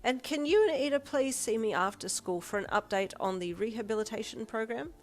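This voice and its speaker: A woman voicing an exasperated middle-aged female school principal who speaks slowly and wearily. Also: fairly high pitch, soft background music, pitched above the performer's own voice, lightly acted.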